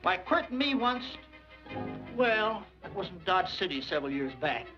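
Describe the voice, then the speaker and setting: A jittery, boastful frontier loudmouth. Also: male voice, sits high, big pitch swings, normal speed, over music. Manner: rambling, folksy drawl. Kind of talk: 1940s western film acting. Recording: muffled old film soundtrack with score.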